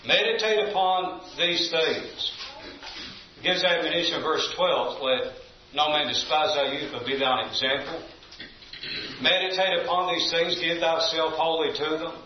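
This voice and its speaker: A man's voice: on the high side, a little hiss or hum. A man teaching a Bible study in a church building, reading scripture aloud, stressing key phrases and quizzing the class with questions. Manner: emphatic, reads scripture aloud. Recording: echoey room, distant mic, dull lo-fi.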